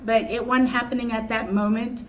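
A middle-aged woman telling a comic story to a luncheon crowd in a chatty, animated way, laughing as she goes. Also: a little high, moderate pace. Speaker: luncheon speaker. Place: conference luncheon hall. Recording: echoey hall from far off, room noise.

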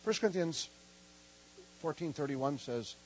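A middle-aged man from Minnesota preaching a lively, humorous sermon and calling on the congregation to answer back. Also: on the high side, a little slow, breathy edge, poor audio. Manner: animated, joking, calls for congregation response. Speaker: preacher teaching a prophetic ministry school.

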